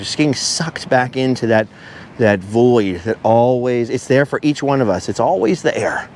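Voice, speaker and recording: A man's voice: medium pitch, moderate pace, darkish tone, slight background noise. A man vlogging as he walks along a beach outdoors, talking at length and wandering off topic as he goes. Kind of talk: rambling walk-and-talk monologue.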